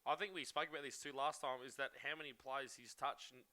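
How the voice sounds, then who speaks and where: A man's voice: mid-range voice, steady tone, fast, bright, forceful tone. A man hosting a casual interview, asking long, rambling questions. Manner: friendly, rambling questions with restarts. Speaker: podcast host.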